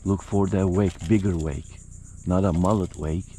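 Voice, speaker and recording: Out on a shallow lagoon in a kayak, a middle-aged man vlogs to his viewers in a chatty, exasperated way. His voice is deep and dark, steady and a little slow, with slight background noise behind this casual fishing commentary.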